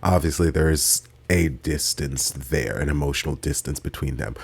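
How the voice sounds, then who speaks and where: A man's voice: rumbling low, moderate pace, gravelly, breathy edge. A man hosting a reaction video, recapping an episode in casual, chatty commentary with playful quoted asides.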